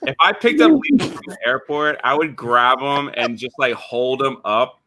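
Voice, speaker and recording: A man hosting a live stream chat, teasing his guests in a rambling, playful way. His voice is very bright and forceful, and it swings up and down a lot. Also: medium pitch, expressive, moderate pace. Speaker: stream host. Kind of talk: casual chat.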